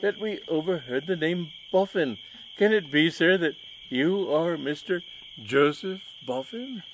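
A man's voice: a little high, expressive, measured pace, a little hiss or hum, voice pushed up, rough recording. A man reading a story aloud, voicing a shy, diffident elderly lord who stammers and speaks with nervous, overly polite fawning.

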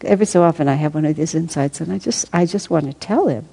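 A woman's voice: low-pitched, quick pace, creaky, mellow, husky, rough recording. A woman reading passages aloud to a study group, with chatty asides and frequent laughter. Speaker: reader leading a study group.

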